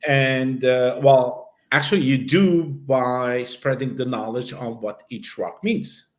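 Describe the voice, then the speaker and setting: A man's voice: mid-range voice, steady tone, takes it slowly. A man who hosts an online talk show as a psychic medium, laughing often and explaining ideas step by step in casual chat.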